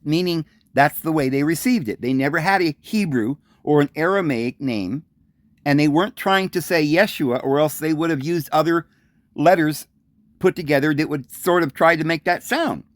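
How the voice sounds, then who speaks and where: A man's voice: dry recording, clean studio sound. A man hosting a solo religious talk, speaking emphatically and insistently and repeating his points. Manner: acts out voices calling out a name in raised pitch. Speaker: host.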